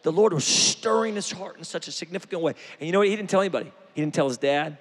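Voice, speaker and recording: A man preaching a sermon, fervent and emphatic, building to shouts. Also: on the high side, fast talker, slightly rough, big-room sound.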